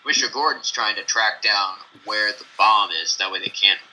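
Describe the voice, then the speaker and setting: Guy co-hosting, talks fast w/ a sharp bright tone, muffled lo-fi mic with a bit of hiss. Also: fairly low pitch. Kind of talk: casual chat. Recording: dull lo-fi audio with faint noise.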